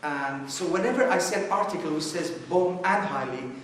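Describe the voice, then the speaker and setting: A man with a fairly high voice speaks at a normal pace, delivering informal opening remarks at a conference. The echoey hall, distant mic and slight background noise frame his rambling anecdotes, which are thick with fillers and restarts.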